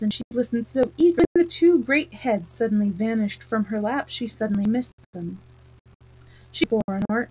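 A woman's voice: a little high, poor audio. A woman storyteller reading a children's book aloud, with small slips and restarts.

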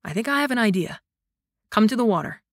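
A woman narrator voicing a young male warrior who teases and reassures in a low, steady voice in an audiobook. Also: fast, dry recording, clean studio sound. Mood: calm. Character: young man, grinning teasing warrior.

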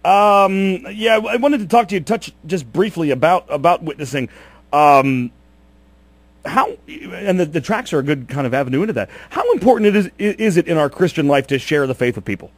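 A man's voice: on the high side, animated, normal speed, no echo. Dry-sounding male radio host. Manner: hesitant questioning with fillers. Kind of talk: radio interview questions.

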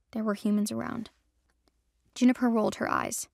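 A woman narrating a romance audio drama in a steady, emotive storytelling manner. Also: a little high, moderate pace, vocal fry, dry recording, studio quality.

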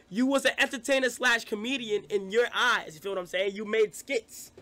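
A young man with a high, bright, edgy voice talks loudly and excitably while streaming live. He trades rough, profane banter with his chat at full energy. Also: normal speed.

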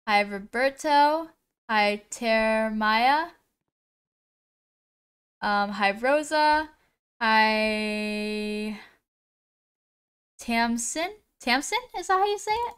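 A woman hosting a live gaming stream, her voice smooth and a touch higher than most. She speaks slowly and unhurriedly, greeting chat viewers one by one with plenty of "um"s and pausing over names she can't quite pronounce. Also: animated, a bit bright. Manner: slow, unhurried delivery with frequent "um"s.

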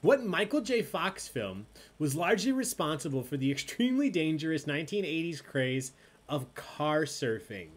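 Loud, lively man hosting trivia. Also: fairly high pitch, normal speed. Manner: loud, playful, animated announcing. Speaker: trivia host. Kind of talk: hosting online trivia night.

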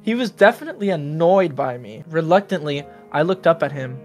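A man reading a fanfic aloud in a casual comedic way, deadpan narration broken by outbursts. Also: a little high, a little fast, soft background music. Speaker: fanfic reader.

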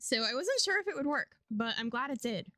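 A young woman streaming a life-sim game, chatting casually and getting excited and squealy at times. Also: sits high, brisk, no room sound, studio quality, faint music behind. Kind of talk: casual gameplay commentary.

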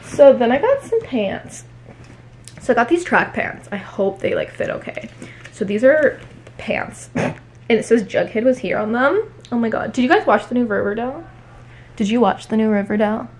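A woman chatting casually at home in a haul vlog, talking fast with many fillers. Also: a little high, expressive, slight background noise. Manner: chatty, fillers every few words. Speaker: book vlogger.

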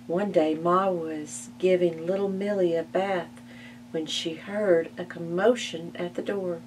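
A woman reading a children's picture book aloud at a library storytime, expressive and gasping at the story's turns. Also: lowish voice, a little slow. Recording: distant mic with faint hum.

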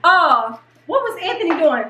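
A middle-aged woman and mother, hosting a home vlog, telling a story in an animated, excitable way. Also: extremely high pitch, moderate pace, reverberant, far from the mic, a little hiss or hum. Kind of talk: casual storytelling. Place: home kitchen.

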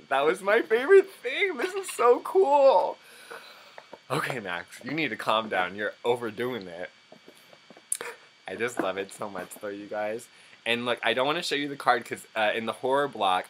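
A man's voice: mid-range voice, slight background noise. A young man hosts an unboxing vlog in a bubbly, gushing way. He keeps chatting straight to his viewers, his mid-range voice jumping into squeals and gasps of delight. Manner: gushing and excitable, squealing and gasping often. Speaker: channel host.

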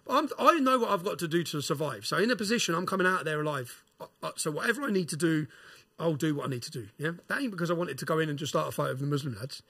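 A man telling a prison story as a podcast guest, animated, swearing and using slang. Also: on the high side, rapid-fire, husky. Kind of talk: casual storytelling.

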